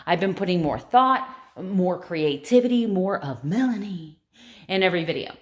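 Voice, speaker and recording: A woman's voice: lowish voice, expressive, normal speed. Chatty, emotional woman vlogger. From United States. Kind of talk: casual chat to camera.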